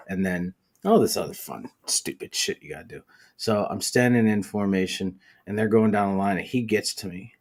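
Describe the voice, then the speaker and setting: A man hosting a podcast, telling a story in casual, profane chat. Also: deep voice. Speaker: podcast host.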